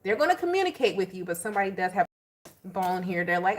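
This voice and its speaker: Woman tarot reader, animated, slangy and chatty, mid pitch, casual delivery straight to viewers. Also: fast talker.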